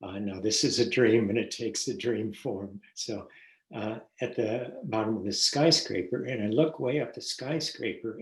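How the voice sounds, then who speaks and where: A man giving a webinar presentation, telling a personal story with frequent ums and uhs and then reading a poem. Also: lowish voice. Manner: slow, hesitant, many ums and uhs. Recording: roomy echo.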